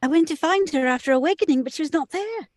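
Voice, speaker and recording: A woman reading a gleeful eighteen-year-old girl at a table read, bubbly and quick. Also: high voice, animated, no echo, clean studio sound. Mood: gushing.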